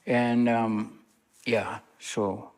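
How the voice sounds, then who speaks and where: A man's voice: fairly low pitch, flat delivery, extremely slow, darkish tone. Male minister, storytelling testimony, plain and direct, with a long church reverb. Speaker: guest minister. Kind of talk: personal testimony to a congregation. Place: church sanctuary.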